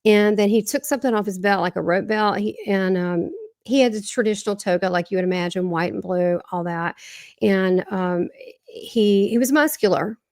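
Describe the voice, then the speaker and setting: A woman's voice: medium pitch, fairly even intonation, moderate pace, a little mellow, no echo, clean studio sound. A woman with a Southern American accent, a guest medium earnestly recounting a near-death experience in a rambling way, often restarting her sentences.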